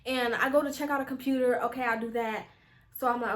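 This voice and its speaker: A young woman with a high, bright-sounding voice tells a casual storytime to her viewers. She talks in an animated, exasperated way, leaning on slang as she vents. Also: brisk. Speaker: vlogger.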